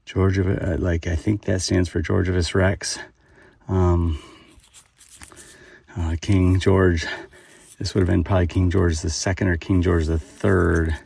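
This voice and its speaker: A man's voice: low voice, little pitch movement, unhurried, gravelly, long pauses, a little mellow, slightly rough, no echo, recorded from a distance. A man hosting a metal detecting vlog outdoors at a dig site, talking with lots of fillers and exclamations as he digs. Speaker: metal detecting channel host.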